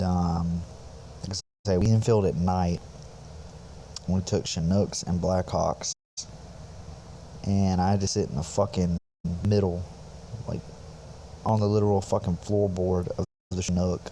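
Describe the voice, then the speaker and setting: A man's voice: low voice, level tone, normal speed, long pauses, dark tone, a little hiss or hum. A young man on a podcast, telling a rambling, profane army story in a laid-back, casual way. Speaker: podcast host, infantry soldier.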